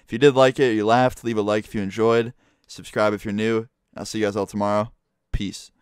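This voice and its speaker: A man's voice: on the low side, level tone, fairly quick, smooth, dry recording, clean studio sound. A young man casually telling a profane storytime, laughing as he goes. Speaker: storytime vlogger.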